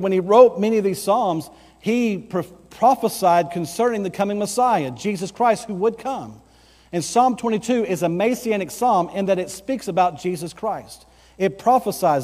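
A man pastor delivering an emphatic sermon, slowing down to stress key phrases. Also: sits high, darkish tone, long reverb tail.

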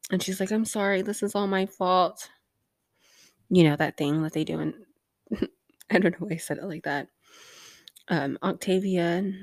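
A woman's voice: on the low side, dry recording, studio quality. A woman hosting a casual rewatch recap of a TV episode, rambling with lots of fillers and offhand swearing.

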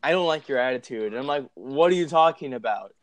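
Young guy chatting with friends, swears a lot, laughs loud, super animated telling his story. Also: mid-range voice, fast, no room sound. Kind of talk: casual chat, storytelling.

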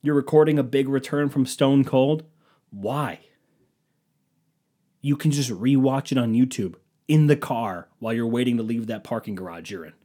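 A man's voice: mid-range voice, moderate pace, mellow. A young man hosting a casual comedic rant, sarcastic and profane, slipping into mocking impressions of people.

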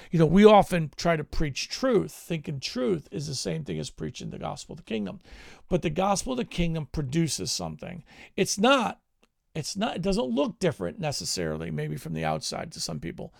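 A man's voice: a little high, very animated, moderate pace, gravelly, dry recording, clean studio sound. A man preaching a teaching sermon in an earnest, conversational way, telling stories of prayer and faith.

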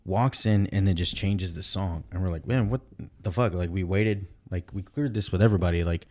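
A man in casual chat, telling a long story with blunt, profane, animated retelling. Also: deep voice, fairly quick.

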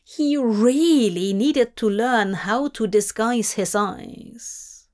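A woman narrating a story in a measured, even storytelling manner. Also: fairly high pitch.

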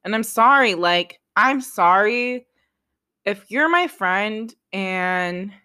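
A woman's voice: medium pitch, expressive, pushed and bright, smooth. Raw, self-critical young woman vlogging. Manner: raw, self-critical, swearing, halting restarts. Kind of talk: confessional vlog.

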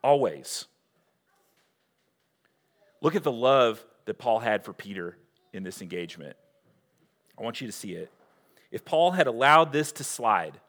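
A pastor preaches a sermon in a medium-pitched voice, earnest and direct, posing rhetorical questions. He swings between loud emphasis and hushed readings of scripture.

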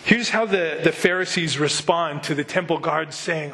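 A man preaching a sermon with a somewhat high-pitched voice. As a middle-aged pastor, he keeps an easy, conversational tone and often turns to the listeners with rhetorical questions. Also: moderate pace, bright, forceful tone.

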